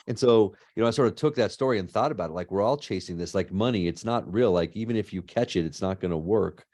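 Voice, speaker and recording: A middle-aged man, a law and ethics professor, answering interview questions in an animated storytelling way, often tagging "right?". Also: on the low side, a little fast.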